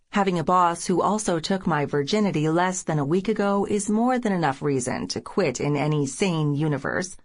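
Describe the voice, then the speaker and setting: A woman reads a first-person romance audiobook with a wry, sardonic bite. Her voice sits a little low for a woman, with steady scripted pacing. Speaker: audiobook narrator.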